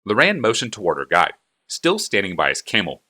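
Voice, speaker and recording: A man narrating an audiobook in a low voice with a bright, sharp edge. His delivery is expressive and moves freely up and down in pitch. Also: fairly quick. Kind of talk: audiobook reading.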